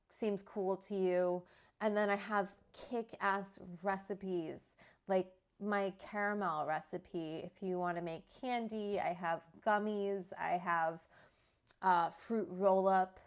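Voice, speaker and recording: A woman's voice: mid-range voice, clean tone. A woman chatting casually on a livestream from home, reading viewer comments aloud. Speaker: livestream host. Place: at home with her dog.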